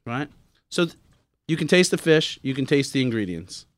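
A man's voice: mid-range voice, big pitch swings, moderate pace, a little hiss or hum. A man who is a chef guest, explaining a cooking demonstration in an easygoing, plain way in a studio. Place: radio studio.

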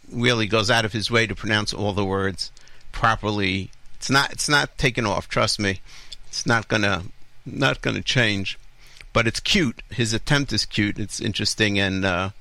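A man hosts a talk radio program from a studio microphone, his voice bright and forward with a dry, close sound. He argues his points through rhetorical questions and winds through long explanations, breaking off to correct himself along the way. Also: fairly low pitch, vocal fry, no echo. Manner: explains at length with asides and self-corrections. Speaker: radio show host. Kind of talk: opinionated radio commentary.

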